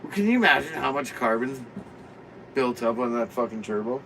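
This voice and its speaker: A man's voice: mid-range voice, animated, brisk, vocal fry, fairly bright tone, a little hiss or hum, low-quality recording. A man chatting bluntly in a motorhome, matter-of-fact and swearing. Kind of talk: casual chat. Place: inside a motorhome.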